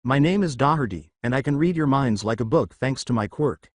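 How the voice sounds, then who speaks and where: A man's voice: medium pitch, expressive, brisk, no echo, studio quality, natural voice. A man voicing a cheeky, brash Irish woman with an Irish accent. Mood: teasing. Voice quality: teasing, brash.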